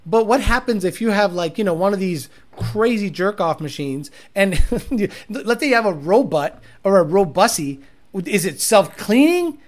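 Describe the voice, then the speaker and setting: A man's voice: high voice, animated, moderate pace. A man chatting casually on a livestream, rambling and crude, often laughing and repeating words as he stalls. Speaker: streamer reading chat.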